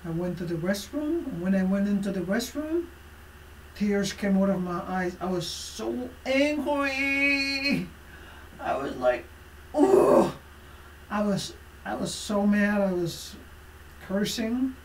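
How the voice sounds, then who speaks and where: A woman life coach telling a motivational personal story, emphatic and expressive, with frequent fillers. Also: medium pitch, slow, recorded from a distance, a little hiss or hum. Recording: roomy echo from away from the mic.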